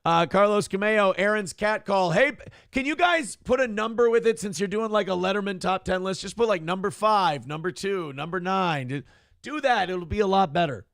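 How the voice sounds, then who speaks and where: A man's voice: high-pitched, normal speed, a bit bright, no room sound, clean studio sound. A man hosting a live internet morning show, reading viewer comments aloud in a crude, joking, mock-announcer way.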